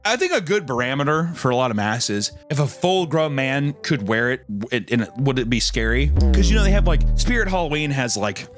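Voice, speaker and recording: A man's voice: medium pitch, brisk, few pauses. Guy doing a jokey movie recap, voice bouncing all over, music faint behind. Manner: animated, swings into silly character voices, laughs often. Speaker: commentator reacting to a movie. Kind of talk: casual comedic movie recap.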